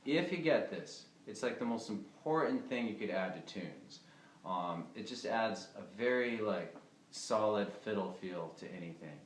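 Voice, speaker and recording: A man giving a casual fiddle lesson, talking in a relaxed, chatty way with lots of fillers. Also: on the low side, moderate pace, a little hiss or hum. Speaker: fiddle teacher. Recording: echoey room with fiddle playing.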